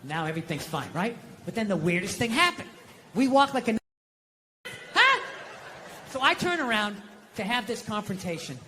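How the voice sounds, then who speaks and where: A man's voice: sits high, sing-song, normal speed, long pauses, pushed and bright, slight background noise. A man doing stand-up comedy with a Boston accent, ranting through a profane story on a stage mic in front of a live audience.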